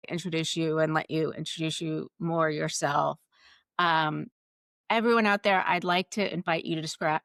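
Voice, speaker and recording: A woman's voice: low-pitched, a bit bright, no echo. A woman hosting a live interview show, introducing her guest and asking questions in earnest, thoughtful phrases. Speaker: podcast host.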